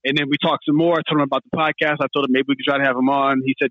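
A man hosting a podcast, telling a story in a casual, animated way and acting out what others said. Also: mid-range voice, rapid-fire, few pauses, no echo, phone-quality sound. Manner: animated, laughing storyteller, acts out quotes. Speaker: podcast host.

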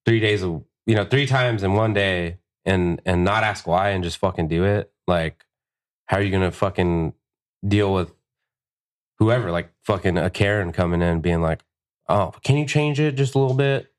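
A man's voice: deep voice, fairly even intonation, normal speed. A man in a casual podcast chat, telling a rowdy, profanity-laced story and acting out the quotes. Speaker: podcast guest, tattoo artist. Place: tattoo shop podcast room.

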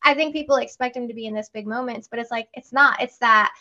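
Higher-voiced woman on a dull, lo-fi recording. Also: fast talker. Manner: animated storytelling, acts out family dialogue. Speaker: podcast host. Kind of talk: casual chat. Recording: dull lo-fi sound.

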